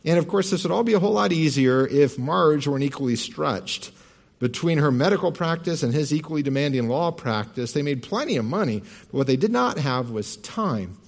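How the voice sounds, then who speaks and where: A male pastor telling parables in a sermon with calm, measured narration. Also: fairly high pitch, gravelly. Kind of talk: sermon storytelling.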